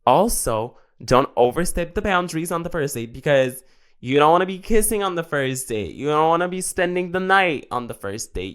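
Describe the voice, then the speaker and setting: A man's voice: a little high, fairly bright tone, smooth. A young man, hosting a podcast in sassy, dramatic casual chat. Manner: sassy, dramatic, switching between English and Bulgarian. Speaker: podcast host.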